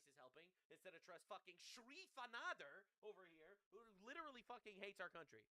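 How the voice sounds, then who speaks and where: Male streamer, sarcastic and profane, animated and bright. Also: high voice. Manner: sarcastic, profane, quick to laugh. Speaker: live streamer. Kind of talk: live-stream commentary.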